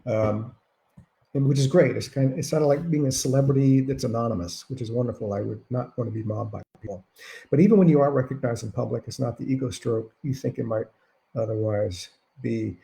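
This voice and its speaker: Gravelly, dark-voiced male author. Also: mid-range voice. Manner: wry, self-deprecating humor. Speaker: author answering reader questions. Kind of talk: casual anecdotal storytelling. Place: at home during lockdown. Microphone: video call.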